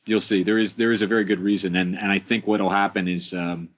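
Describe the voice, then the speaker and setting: A man's voice: sits low, flat delivery, brisk. A man being interviewed on a podcast about making his show, talking casually and rambling with many fillers, restarts and small chuckles. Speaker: interview guest, show creator. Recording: dull lo-fi podcast audio.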